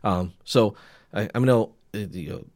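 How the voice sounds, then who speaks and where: A man's voice: on the low side, a little slow, a little mellow, no room sound, studio quality. A man co-hosting a casual podcast, rambling and joking with plenty of restarts and fillers, with a Northeastern Pennsylvania accent. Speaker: podcast co-host. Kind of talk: casual chat.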